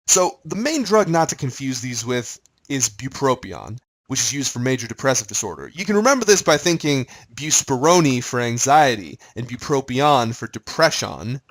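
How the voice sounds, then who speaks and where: A man's voice: medium pitch, sing-song, moderate pace, rough recording. A man giving a recorded pharmacology lecture in a conversational way, quizzing his listeners as he goes.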